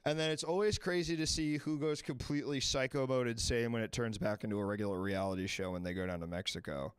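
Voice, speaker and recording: A man's voice: medium pitch, fast talker, clean tone, no room sound. Loose, rambling male stream host. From Washington, D.C. area. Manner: loose, rambling, swears freely. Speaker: livestream advice show host. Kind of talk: casual live-stream chat.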